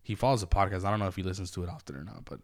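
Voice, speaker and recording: A man's voice: low-pitched, lively intonation, racing. A man with a cold, rambling through stories in a casual podcast chat, swearing freely and laughing often. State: congested from a cold. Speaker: podcast co-host.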